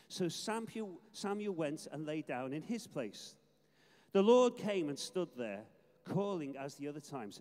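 An older retired minister preaching a sermon, reading scripture in an earnest, emphatic way with some hesitant restarts. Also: male voice, on the high side, sing-song, moderate pace, darkish tone, in a large hall. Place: church.

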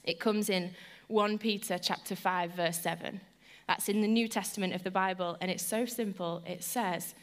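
A woman's voice: mid-range voice, steady tone, moderate pace. A woman giving a Christian devotional talk, earnest, personal and conversational. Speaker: Christian speaker.

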